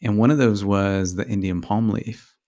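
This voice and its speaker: A man co-hosting a podcast, speaking casually and supportively, with halting phrasing and restarts. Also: lowish voice, fairly even intonation, a little mellow. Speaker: podcast co-host.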